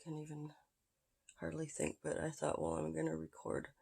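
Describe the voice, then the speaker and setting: A vlogger talking casually into a handheld phone at home, with halting, drifting speech that often drops to a whisper. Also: medium pitch, monotone, gravelly, a little mellow. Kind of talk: casual self-recorded vlog.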